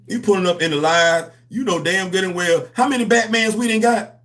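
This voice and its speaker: A man's voice: sits high, moderate pace. Guy, ranting to his chat on a comics livestream. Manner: animated, preachy, slangy, addresses chat directly. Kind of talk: casual livestream commentary.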